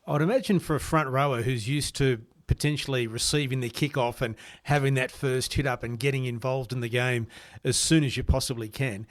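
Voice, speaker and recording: A man from Australia hosting a podcast, asking long, measured questions of his guest. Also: mid-range voice, fairly even intonation. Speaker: podcast host. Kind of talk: podcast interview.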